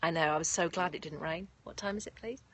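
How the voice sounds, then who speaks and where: Speaking quickly in a low-sitting voice, a woman who teaches yoga nidra chats effusively on a live stream from outside in nature following a guided meditation, naming and thanking viewers. Faint birdsong and distant sirens linger behind her.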